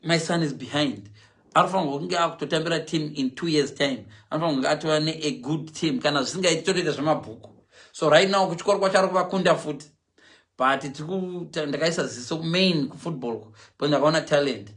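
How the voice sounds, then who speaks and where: A man's voice: on the high side, quick pace. A middle-aged man chatting casually on a live stream, mixing English and Shona and acting out voices. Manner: animated, switches often between English and Shona; acts out quoted voices and animal sounds.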